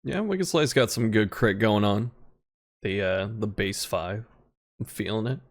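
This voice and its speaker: A man as a guest in a casual video game discussion, relaxed and laughing easily as he talks. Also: lowish voice, unhurried. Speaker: guest content creator.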